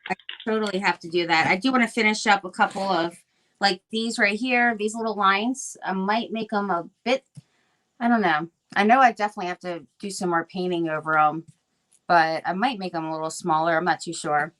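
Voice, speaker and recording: A woman's voice: medium pitch, fairly even intonation, fairly quick, fairly bright tone. A middle-aged woman chatting casually while she crafts live, rambling with many fillers and restarts. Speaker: crafting livestream guest.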